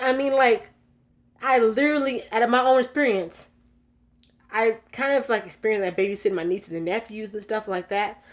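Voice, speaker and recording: Young woman, car vlog, casual chatty storytelling, a bit breathless, slightly high pitch, phone camera sound. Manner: chatty, laughs often, lots of fillers. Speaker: vlogger.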